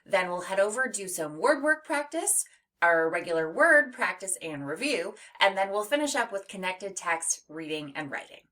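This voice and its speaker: A woman teaching a children's phonics lesson, upbeat and clear, modelling each sound slowly. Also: medium pitch, big pitch swings, sharp tone.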